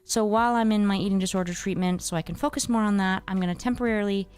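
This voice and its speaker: A woman hosts her live stream in a loose, casual chat, often pausing, restarting and filling gaps with "um". Her voice is smooth and clear, at a middle pitch for a woman, with soft music playing faintly behind her. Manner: scattered and hesitant, many fillers and restarts. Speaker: streamer hosting her channel.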